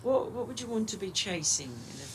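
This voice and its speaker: A woman's voice: mid-range voice, sing-song, a little fast, noisy background. A young woman giving friendly, conversational live cricket commentary. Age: young adult. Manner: friendly, conversational, warmly appreciative.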